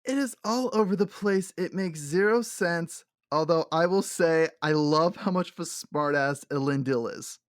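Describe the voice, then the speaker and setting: Animated laughing podcast co-host man. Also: fairly high pitch, moderate pace, few pauses, no room sound, studio quality. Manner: animated, laughs often, acts out quotes. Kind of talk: casual chat.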